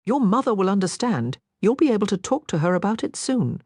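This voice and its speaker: A woman voicing a calm, steady young woman who speaks softly. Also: medium pitch, fairly quick, breathy edge, no room sound, voice pushed up. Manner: calm, soft-spoken.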